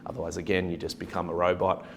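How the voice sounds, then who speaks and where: A man's voice: low voice, little pitch movement, quick pace, noisy background. A man with an Australian accent, a real estate agency principal, chatting casually as a podcast guest in a self-deprecating, joking way with frequent restarts. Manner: self-deprecating, jokey storyteller with many restarts.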